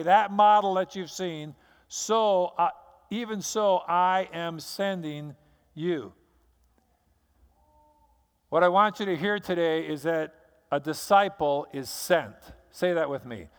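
High-voiced man preaching in a reverberant hall. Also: slow, smooth. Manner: dramatic storytelling, acts out scenes in an animated voice. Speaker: pastor. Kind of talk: sermon.

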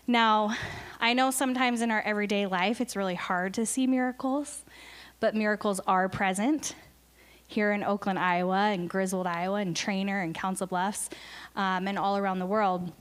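A woman's voice: mid-range voice, normal speed, clear, resonant tone. A woman speaking in church as a missionary, telling an emotional story earnestly, with fillers. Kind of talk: church talk.

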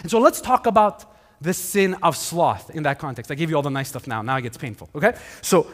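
A male pastor preaching a conversational sermon, animated, with frequent restarts. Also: a little high, brisk. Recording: hall reverb.

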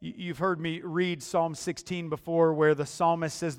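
A man preaching a sermon in a deliberate, emphatic style, often repeating words as he builds his point. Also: a little high, steady tone, a little mellow, clean tone. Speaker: pastor. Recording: long hall reverb.

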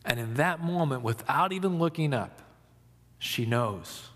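Slow, reflective man preaching in a hall. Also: medium pitch, animated. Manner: slow, reflective, dramatic pauses, soft for emphasis. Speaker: pastor. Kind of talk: Easter sermon.

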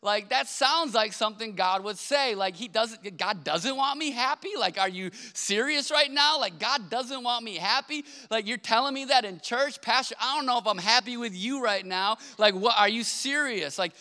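Indignant churchgoer acted by a man, incredulous, exaggerated, clear voice, hall echo. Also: very high-pitched, normal speed, few pauses, pushed and bright, voice pushed up. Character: indignant churchgoer questioning the pastor.

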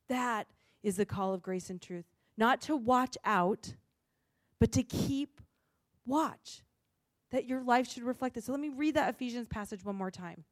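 A woman pastor giving a sermon in an earnest, expressive way, acting out the lines she quotes. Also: fairly high pitch, a little slow, no room sound, clean studio sound.

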